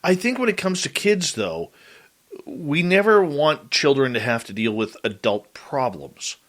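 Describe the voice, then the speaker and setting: A man's voice: on the high side, very animated, a little slow, a bit bright. A man hosting a radio interview show, who reacts to his guest bluntly and with emphasis.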